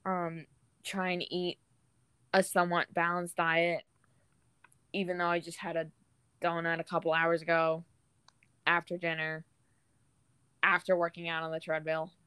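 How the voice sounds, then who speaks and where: A woman's voice: on the low side, completely flat delivery, measured pace, long pauses, bright, forceful tone, clear, resonant tone, no echo. A woman hosting a podcast, chatting in a laid-back, rambling way. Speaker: podcast host. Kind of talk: casual podcast chat.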